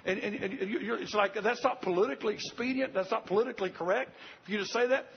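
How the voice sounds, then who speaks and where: A man's voice: sits high, fast talker, creaky, slight background noise. An older man preaching a sermon, earnest and repetitive, speaking straight to the congregation. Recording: dull lo-fi recording.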